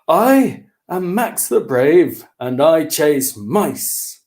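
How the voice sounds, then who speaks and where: A bold, polite little kitten from a picture book, put on by a man reading aloud. The voice is pitched up and lively, full of eager boasting. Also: very slow, exaggerated voice.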